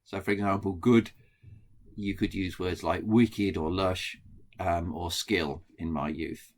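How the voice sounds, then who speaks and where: A man's voice: deep voice, fairly even intonation, slow. A middle-aged man with a Black Country accent, explaining his research in a plain lecture with frequent ums and restarts. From England. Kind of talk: recorded lecture.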